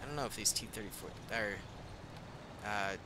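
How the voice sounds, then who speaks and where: A man's voice: on the low side, normal speed, crowd noise. A young man casually commenting as he plays a war strategy game, reacting aloud and laughing at himself. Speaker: gaming channel host. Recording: faint game noise behind.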